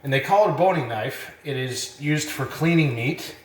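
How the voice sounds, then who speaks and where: A man giving a casual cooking demonstration, relaxed and rambling with plenty of fillers, a bit out of breath. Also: medium pitch, moderate pace, echoey room. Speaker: cooking instructor.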